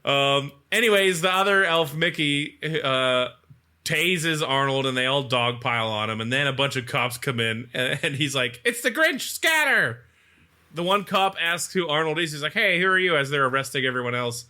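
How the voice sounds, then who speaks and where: A man co-hosting a podcast, casually retelling a movie's plot and acting out its lines in quick mock voices. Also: medium pitch, pushed and bright, clear, resonant tone. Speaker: podcast co-host. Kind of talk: casual movie recap chat.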